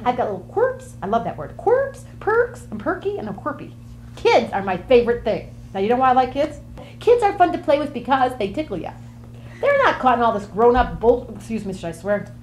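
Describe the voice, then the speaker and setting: A woman's voice: fairly high pitch, sing-song, brisk, a little hiss or hum. A woman acting out a bubbly, quirky Gemini woman who jumps from topic to topic in a comic monologue. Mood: chatty. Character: chatty flighty Gemini woman, easily bored.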